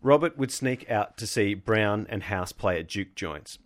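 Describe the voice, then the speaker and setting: Man, podcast co-host, low voice, reads history notes, laughs, restarts. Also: animated, a little slow. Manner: narrates from notes with frequent laughs and self-corrections. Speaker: podcast co-host presenting the research. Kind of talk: casual chat, reading history notes.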